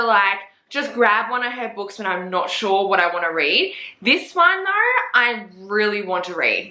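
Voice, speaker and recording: A young Australian woman with an Australian accent, chatting casually and profanely about books to camera, animated and gossipy. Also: medium pitch, roomy sound. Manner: profane, gossipy and animated, acting out her own reactions. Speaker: book reviewer. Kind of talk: casual book chat to camera.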